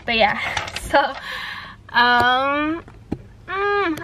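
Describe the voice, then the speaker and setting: A woman's voice: sits high, a little slow, pauses often, noisy background. A young woman vlogging casually, chatty and giggly, talking with a slight lisp from her retainers. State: pregnant. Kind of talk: casual vlog chat.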